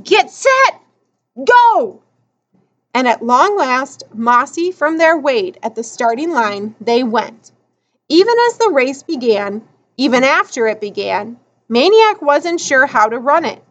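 Expressive, high-voiced woman narrator. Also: measured pace, lo-fi sound. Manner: expressive storytelling. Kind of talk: audiobook narration.

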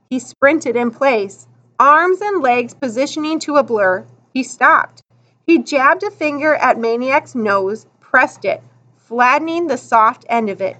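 A woman narrating a children's novel aloud in an expressive storytelling manner. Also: sits high, unhurried, dull audio. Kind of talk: audiobook narration.

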